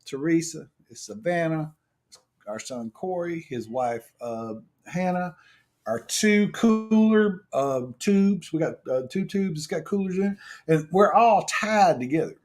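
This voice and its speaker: A middle-aged man co-hosts a casual livestream, telling stories in an animated, folksy way and laughing a lot. His voice is slightly high and he takes his time.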